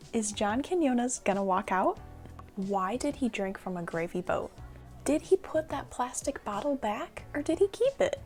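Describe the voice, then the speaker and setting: A young woman telling a storytime on her vlog in a sassy, rhetorical, animated way. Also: medium pitch. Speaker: vlogger. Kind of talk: casual storytime monologue.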